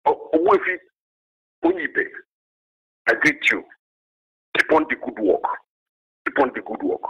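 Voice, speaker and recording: A man's voice: a little high, sing-song, a little slow, creaky, sharp tone, slightly rough, low-quality recording. A man with a Nigerian accent calling in by phone to a talk show, speaking in an agitated, repetitive, stumbling way. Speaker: caller. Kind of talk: phone-in call.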